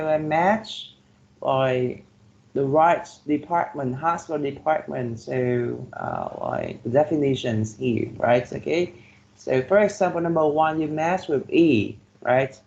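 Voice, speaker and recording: A man's voice: a little high, gravelly, a little mellow, highs cut off. A male English teacher with a Vietnamese accent, giving an online class lecture and checking in with "okay" and "right?" after nearly every phrase. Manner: slow, repeats "okay" and "right?" to check understanding.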